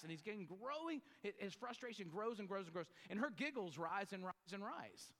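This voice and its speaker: A man with a high, bright voice preaches a sermon as pastor, pausing to explain what words mean and checking in with his listeners. His voice rings out with a long reverb, as if recorded in a large church hall. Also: animated. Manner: explanatory, teaching word meanings with asides to the congregation.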